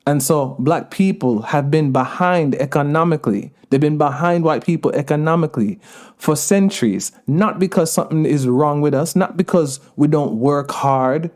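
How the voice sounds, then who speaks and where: A man's voice: on the high side, moderate pace, a little mellow. A man in his thirties with a Jamaican-tinged accent, a podcast guest making his point earnestly with digressions and laughs. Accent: Jamaican patois touches. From United States. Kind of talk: conversational interview.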